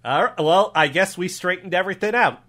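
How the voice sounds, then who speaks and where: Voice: medium pitch, fairly quick, fairly bright tone, pitched above the performer's own voice, natural voice. A performer improvising a bumbling small-town cop with a put-on Texas drawl, rambling and stammering. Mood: puzzled. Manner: rambling, stammering, repeating "all right". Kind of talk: improv comedy scene.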